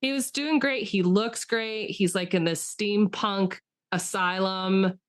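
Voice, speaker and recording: A woman's voice: medium pitch, slow, clear, resonant tone. A woman co-hosting a podcast, talking enthusiastically about a film in casual chat with lots of fillers. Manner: chatty, enthusiastic, with frequent fillers and restarts. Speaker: podcast co-host.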